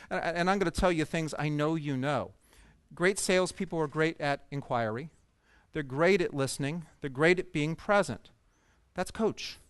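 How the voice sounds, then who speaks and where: A man's voice: fairly high pitch, clear, resonant tone, no echo. A man telling a personal story with humor as a speaker at a coaching event. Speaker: conference speaker. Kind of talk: storytelling keynote talk to coaches. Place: event stage before an audience.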